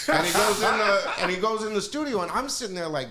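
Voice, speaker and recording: A man with a somewhat high voice, talking as a podcast guest. He tells loose, casual stories with plenty of swearing. He slips into the voices of the people in the story. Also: fast talker, few pauses, very noisy. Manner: animated, profane, acts out quoted voices.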